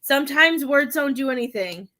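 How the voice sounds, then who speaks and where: A woman doing a psychic reading from home, with halting, repetitive speech that gives gentle advice. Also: high voice, animated. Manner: halting, repeats words, soothing advice. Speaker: psychic medium. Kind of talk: live-stream spirit reading.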